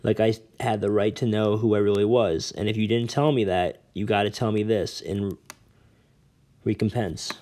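A man voicing a fierce, defiant young girl who talks in a rough dialect, close to tears. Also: on the low side, fairly even intonation, normal speed, a little mellow, natural voice. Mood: demanding. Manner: rough dialect speech, ain't and me own.

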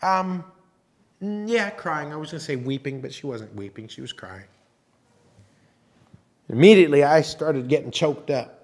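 A man preaching a sermon as pastor, talking in a conversational, halting way with restarts and teasing asides. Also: on the high side, expressive, darkish tone. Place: church sanctuary.

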